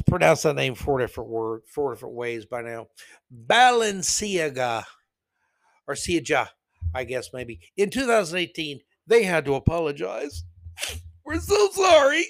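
Male podcast host, slightly high voice, dry close sound, sarcastic running commentary on news. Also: normal speed, creaky, dry recording. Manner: mocking, sarcastic asides, snorting laughs.

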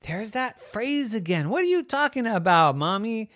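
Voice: mid-range voice, very animated, moderate pace, a bit bright, dry recording, clean studio sound, pitched above the performer's own voice. A storyteller voicing a dreamy, distracted little girl who complains in a raised, indignant voice. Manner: whiny, indignant questioning.

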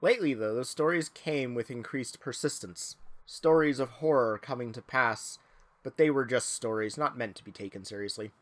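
A man reading a story aloud to friends, slipping in dry, deadpan jokes. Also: medium pitch, moderate pace. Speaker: story reader.

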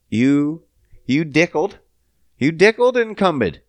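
Young adult male solo podcast host from Canada, profane and jokey, drawn-out delivery with big playful swoops in pitch. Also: big pitch swings, no echo. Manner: sing-song, jumps high in pitch for silly bits, profane. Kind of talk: solo comedic podcast rant.

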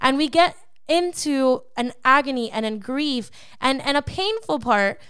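A woman's voice: high voice, lively intonation, a little slow, a bit bright, no room sound, studio quality. A woman co-hosting a devotional Bible podcast, teaching in an emphatic, preacherly way and often checking in with the listener. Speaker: podcast co-host.

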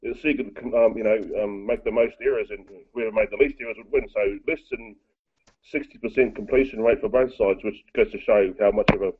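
A man's voice: on the low side, steady tone, brisk, husky. A man calling in to a sports talk show to give blunt, joking opinions on rugby league. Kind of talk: sports commentary chat. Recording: tinny phone line.

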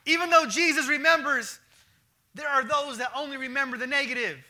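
A man preaching a sermon as pastor in an animated, slangy, conversational manner. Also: extremely high pitch, fairly quick, slight background noise.

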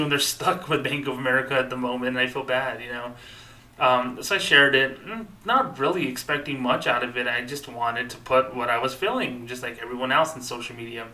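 A man's voice: medium pitch, bright, forceful tone, distant mic, low-quality recording. A man in his thirties hosting a podcast, talking in an upset, earnest way with many fillers and restarts. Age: 30s. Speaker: podcast host. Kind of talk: personal podcast monologue.

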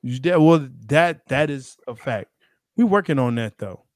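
A man co-hosting a podcast in casual chat, telling stories in animated, quick bursts. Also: mid-range voice, no echo, studio quality. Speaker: podcast co-host.

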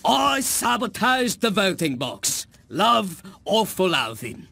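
An actor playing an excitable male cartoon vegetable engineer, jumpy and animated, in a clip with music behind. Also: high voice, slow, vocal fry, no echo, heavily acted.

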